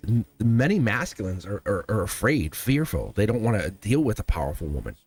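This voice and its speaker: Earnest low-voiced man reading tarot. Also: sing-song, fairly quick, a little mellow, breathy edge. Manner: earnest, emphatic, speaks straight to viewer. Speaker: tarot reader.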